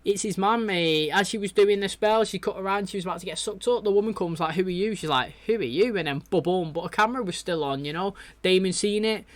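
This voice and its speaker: Excitable man chatting in a dry room. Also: high voice, fast talker, hardly any pauses, no echo. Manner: rambling and excitable, lots of fillers and "you know". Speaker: reaction video host. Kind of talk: casual chat reacting to a TV episode.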